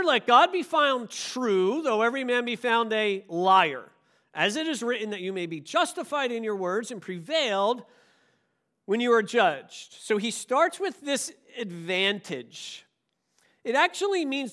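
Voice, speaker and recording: Male pastor, high lively delivery, emphatic preaching, gets the room to repeat after him. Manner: animated, emphatic, leads the congregation in call-and-response. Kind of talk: sermon.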